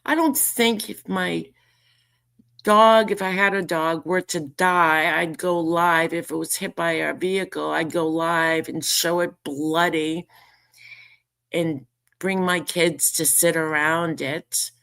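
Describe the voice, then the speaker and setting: A lowish, gravelly woman's voice, unhurried and deliberate, ranting in a casual vlog. She reads messages aloud and answers them with indignant sarcasm. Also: steady tone, fairly bright tone. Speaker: YouTuber responding to a message.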